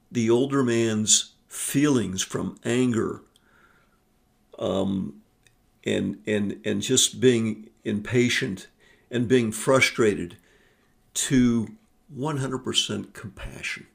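A man with a deep, gravelly voice recounts a story in a relaxed, unscripted way. He speaks earnestly, trips over himself and restarts often, and fills his pauses with ums and uhs. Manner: earnest, with frequent fillers and restarts. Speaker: vlogger on forgiveness. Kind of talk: casual storytelling monologue.

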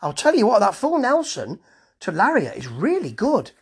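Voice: medium pitch, huge pitch swings, normal speed, husky. A reviewer casually running through a wrestling show, dropping dry, sardonic asides.

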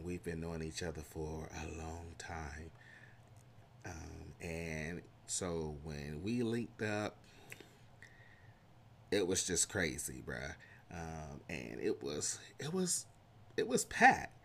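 A man with a Southern US country accent reading a history passage aloud and then chatting casually about his weekend, lively and slangy. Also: sits low, slight background noise. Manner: animated, drawls and trails off, slangy asides. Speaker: vlogger. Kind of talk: casual vlog talk with a read-aloud segment.

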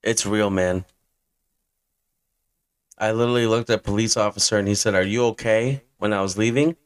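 A man's voice: fairly low pitch, fairly even intonation, normal speed, clean tone. A man in his twenties hosting a fantasy football podcast, ranting hyped-up and blunt, with some swearing. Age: 20s. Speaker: podcast host.

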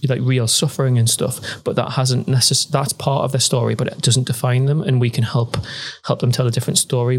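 A man hosting a podcast in a casual chat, friendly and talkative with frequent ums and restarts, on a proper studio microphone. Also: medium pitch. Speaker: podcast host. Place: at home during lockdown.

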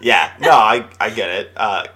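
A man co-hosting a podcast in a casual chat. His pitch is very animated and he speaks at an unhurried pace. He laughs often and hesitates with plenty of fillers. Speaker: podcast co-host.

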